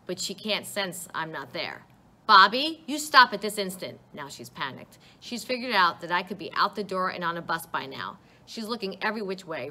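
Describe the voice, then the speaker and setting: A woman reading a first-person novel aloud in an expressive, conversational way. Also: lowish voice.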